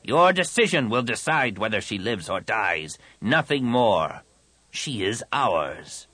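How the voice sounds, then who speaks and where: A man's voice: lowish voice, sing-song, takes it slowly, bright, forceful tone, husky, dry recording, exaggerated voice. A man voicing a cold, haughty alien military commander in an audiobook.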